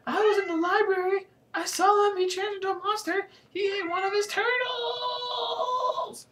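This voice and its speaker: A man voicing a panicked young girl with a shrill, cracking falsetto, screaming and pleading breathlessly. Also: fairly even intonation, measured pace, distant mic, background noise. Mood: frantic.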